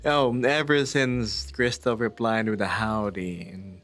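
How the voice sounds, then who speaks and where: A man's voice: on the low side, fairly even intonation, unhurried, fairly bright tone. A man streaming live, reading chat messages aloud and joking about them with frequent chuckles.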